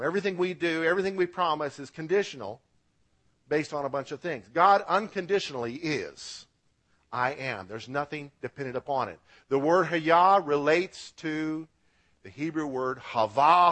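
A man's voice: a little high, expressive, unhurried, fairly bright tone. A man preaching a radio sermon as pastor, with emphatic rises and drops, asking the congregation to repeat words after him.

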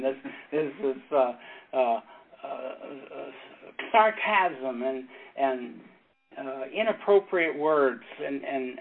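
A pastor and former Navy chaplain teaching a casual Bible study, telling stories in a rambling way, with halting restarts and frequent chuckles. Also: male voice, mid-range voice. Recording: tinny phone-like sound with faint noise.

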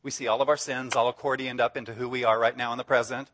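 A man preaching a sermon with lively enthusiasm. He drives his points home emphatically and laughs freely between them, in a voice of ordinary middle pitch. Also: fast. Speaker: guest preacher.

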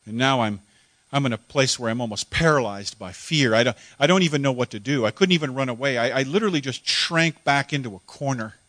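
A man preacher telling a story in first person as a dramatic monologue sermon, emotional and halting, repeating words when moved. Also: medium pitch, lively intonation, a bit bright, dry recording.

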